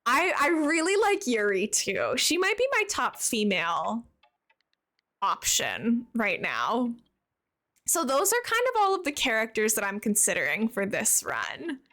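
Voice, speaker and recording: A young woman streams live, chatting casually and warmly answering her viewers as she plays. Her voice sits high and bounces all over her range, bubbly and talkative throughout. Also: huge pitch swings, a little slow. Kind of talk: casual live-stream chat while playing.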